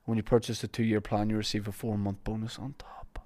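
A man's voice: fairly low pitch, little pitch movement, brisk, a little mellow. A man with a Northern Irish accent hosting a podcast, chatting jokily and reading sponsor ads in a rambling, loose way. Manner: rambling, jokey, with fillers and restarts. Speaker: podcast host. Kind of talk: casual podcast chat and sponsor reads.

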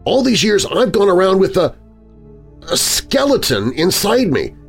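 A man's voice: high-pitched, big pitch swings, unhurried, gravelly, slightly rough, soft background music, voice pushed up, exaggerated voice. A man doing a frantic, bone-obsessed man. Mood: horrified. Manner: rising frantic outbursts. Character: panicked middle-aged man obsessed with his own bones.

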